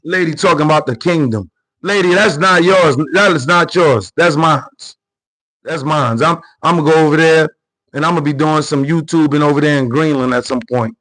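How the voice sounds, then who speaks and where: New man, high voice, slangy, combative commentary host who repeats himself for emphasis. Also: moderate pace, rough recording. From New York. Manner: animated, repetitive, slangy and confrontational. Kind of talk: unscripted political commentary.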